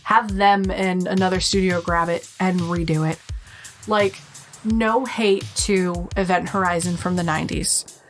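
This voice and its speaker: Blunt, quick-talking Rhode Island woman. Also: on the low side, fairly even intonation, soft background music. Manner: blunt, swears, quick asides. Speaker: podcast co-host. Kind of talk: casual chat.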